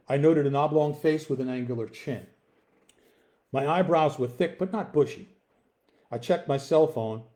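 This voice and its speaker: Guy reading his own book aloud, first person, relaxed, bit of um and uh up front. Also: mid-range voice. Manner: relaxed, with fillers in the intro. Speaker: author reading his novel.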